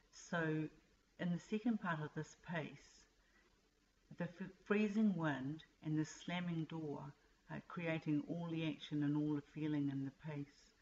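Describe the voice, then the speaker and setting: A woman's voice: sits low, a little mellow, highs cut off. A woman, a writing teacher giving plain, direct advice to students.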